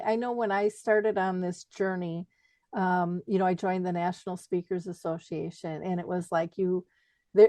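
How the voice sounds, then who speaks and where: A middle-aged woman hosting a podcast interview, talking in a casual, expressive way and laughing easily. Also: mid-range voice, dry recording. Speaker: podcast host.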